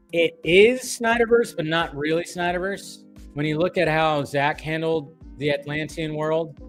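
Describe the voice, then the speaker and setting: Male streamer, slightly high pitch, loose profane rambling delivery over faint music. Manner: animated, profane, rambling with restarts. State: tired and caffeinated. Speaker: film commentary streamer. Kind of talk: casual livestream rant.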